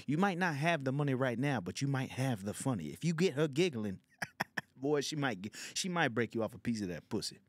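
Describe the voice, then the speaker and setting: A man's voice: medium pitch, very animated, dry recording. A man doing a sly boastful old neighborhood man. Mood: preachy. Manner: slow, drawling, preachy advice-giving.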